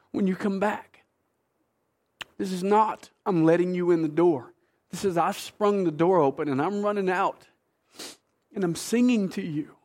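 A man preaching a sermon, emphatic and animated, swinging between hushed tenderness and excited outbursts. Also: high-pitched. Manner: animated, emphatic preaching with sudden shifts between soft and loud. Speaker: pastor.

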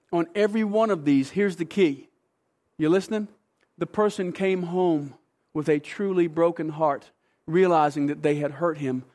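A man preaching a sermon, emphatic and animated, swinging between hushed tenderness and excited outbursts. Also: on the high side. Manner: animated, emphatic preaching with sudden shifts between soft and loud. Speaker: pastor.

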